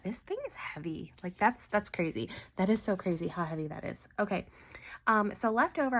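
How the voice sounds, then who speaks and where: A woman hosting a casual budgeting vlog, talking in a chatty, animated way with many ums and quick laughs. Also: medium pitch. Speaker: budgeting channel host. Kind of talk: casual cash-stuffing vlog.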